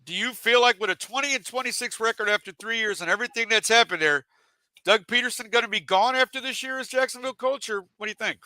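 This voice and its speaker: A man's voice: very high-pitched, quick pace, pushed and bright, no room sound, poor audio. A man hosting a casual sports talk show, chatty and leading the discussion. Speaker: podcast host.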